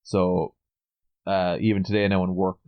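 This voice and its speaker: A man's voice: sits low, level tone, moderate pace, dry recording, highs cut off. An Irish man from Ireland, a podcast guest chatting casually in a blunt, sweary way. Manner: blunt and sweary, laughing easily. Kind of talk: casual chat.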